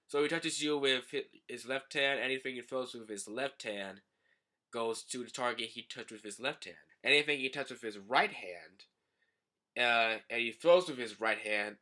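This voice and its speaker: A man's voice: on the low side, sharp tone. A man giving a casual, profane and sarcastic comedic recap of a manga chapter, rambling as he goes. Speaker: manga reader and commentator.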